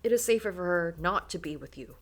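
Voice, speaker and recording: Woman doing strict grandpa voice, low, bossy, short orders. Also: expressive, fairly quick. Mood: firm. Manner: firm, clipped orders. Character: stern protective grandfather, firm and commanding.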